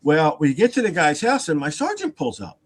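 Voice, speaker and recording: Man, slightly high, very lively pitch, casual rambling storyteller who acts out the other people in his story. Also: moderate pace. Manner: animated and rambling, with repeated words, asides and laughter. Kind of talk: casual storytelling on a live stream.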